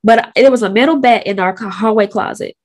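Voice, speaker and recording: Woman, 30s, slightly high voice, sick but candid, casual slangy storyteller. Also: fairly quick, darkish tone. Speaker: host.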